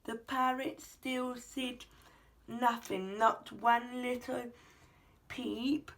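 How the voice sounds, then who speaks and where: Woman reading a kids' rhyme book out loud, super slow, gentle. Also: on the high side, steady tone. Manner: slow, gentle, rhyming delivery with voiced dialogue. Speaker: narrator. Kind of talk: children's picture book read-aloud.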